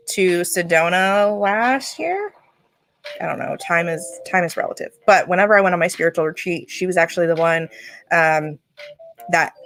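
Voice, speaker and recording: On a livestream setup, a woman with a lowish, slightly bright voice gives a viewer a casual spiritual reading. The psychic is chatty and laughs often, with plenty of fillers and restarts.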